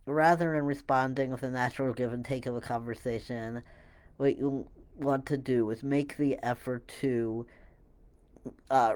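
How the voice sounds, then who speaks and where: Man giving relaxed parenting advice. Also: medium pitch. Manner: relaxed, halting, with many fillers and restarts. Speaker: parenting educator. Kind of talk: casual instructional talk to camera.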